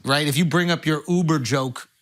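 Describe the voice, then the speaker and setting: A man's voice: fairly high pitch, normal speed, fairly bright tone. Brash, teasing male podcast host. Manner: brash, teasing, rhetorical questions. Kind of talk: casual comedic chat.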